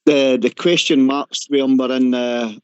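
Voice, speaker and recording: A man's voice: medium pitch, flat delivery, unhurried, clear, resonant tone, dry recording. A man co-hosting a radio phone-in, emphatic and rambling. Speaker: co-host. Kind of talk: casual phone-in chat. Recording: dry, dull lo-fi.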